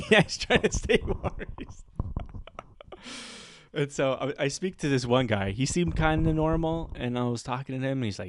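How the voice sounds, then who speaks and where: Here the podcast host's mid-range voice moves at a normal speed over clean studio sound with no room noise. Chatting casually, he narrates a story with animation, performing the other characters' voices.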